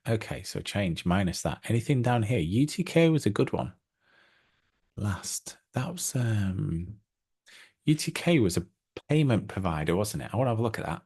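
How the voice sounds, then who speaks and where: A middle-aged man with a very low, gravelly voice talks casually through trading charts. He is chatty and excitable, filling gaps with ums as he goes. He sounds like an easygoing host of his own channel. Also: normal speed.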